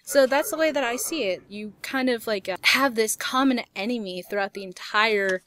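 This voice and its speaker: A woman's voice: fairly high pitch, normal speed, a bit bright. A young woman hosting a casual gaming Q&A, reading viewer questions aloud and answering in a chatty way with frequent laughs. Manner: chatty, laughs often, swears lightly. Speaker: YouTube gaming host.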